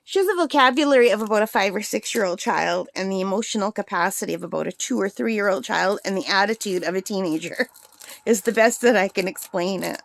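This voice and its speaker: A woman's voice: medium pitch, fairly quick, creaky. A middle-aged woman talking casually and rambling as she works on a craft vlog, laughing often. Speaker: craft vlogger.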